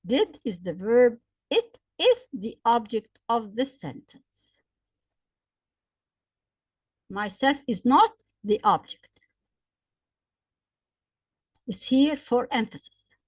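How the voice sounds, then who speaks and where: A woman gives a grammar lesson with a fairly high voice. She works through example sentences slowly and repeats each point, and her voice sounds dry and close, with little room around it. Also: sing-song, husky, no echo. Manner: slow, repetitive explaining with examples. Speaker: English grammar teacher.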